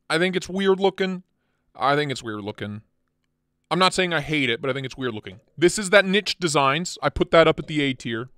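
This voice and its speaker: Blunt, excitable man, higher voice. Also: smooth, dry recording, clean studio sound. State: tired. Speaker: channel host. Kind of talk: casual livestream chat.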